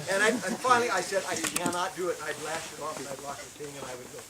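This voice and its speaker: A man telling a personal testimony as a camp worship speaker, animated, acting out the shouted lines of his story. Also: high voice, quick pace, hardly any pauses, a crowd in the background, rough recording. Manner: animated, acts out shouted quotes.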